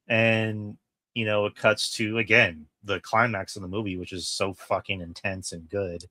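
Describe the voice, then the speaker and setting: A man co-hosting a podcast, chatting casually and excitedly about a film, swearing freely and acting out quoted lines. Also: on the low side, moderate pace, no echo. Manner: excited, profane, retells scenes with quoted lines. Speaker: podcast co-host. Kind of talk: casual film review chat.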